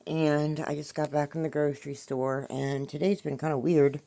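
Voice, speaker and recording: Woman host with a gravelly voice, loose and rambling, spiritual, swears a lot. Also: low voice, steady tone, moderate pace, warm tone. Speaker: podcast host. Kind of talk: rambling casual monologue.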